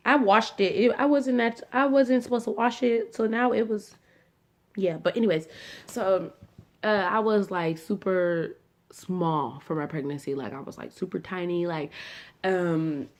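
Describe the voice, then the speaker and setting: A woman's voice: medium pitch, unhurried. A young adult woman vlogging, telling her own story in a casual, chatty way, full of fillers and asides to viewers. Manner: chatty, filler-heavy, addresses viewers as y'all.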